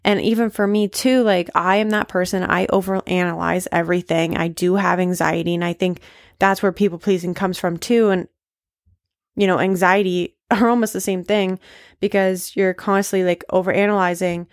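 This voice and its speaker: A woman's voice: on the low side, fairly even intonation, normal speed, dry recording, studio quality. A woman hosting a casual solo podcast, talking candidly and emphatically with frequent swearing and lots of "like" fillers. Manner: emphatic, confessional. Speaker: podcast host.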